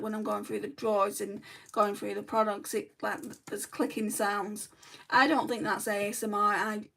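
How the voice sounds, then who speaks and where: Casual woman, creaky voice, mic set back from her, makeup vlog chat. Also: medium pitch, a bit bright. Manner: chatty, rambling, many ums. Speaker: beauty vlogger. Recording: voice a bit far from the mic.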